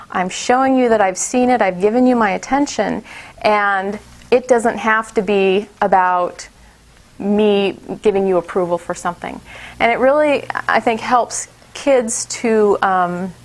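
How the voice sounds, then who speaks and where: A woman's voice: medium pitch, measured pace. Chatty woman leading a teacher workshop. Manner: chatty, many fillers and restarts, acts out kids' voices. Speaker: teacher trainer. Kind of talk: casual workshop talk.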